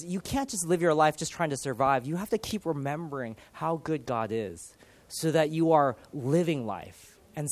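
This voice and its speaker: A man in his thirties preaching a sermon, earnest and animated, swinging from loud emphasis to soft, quiet lines. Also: fairly high pitch, dry recording. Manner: earnest, animated, with dramatic shifts in loudness. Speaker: pastor.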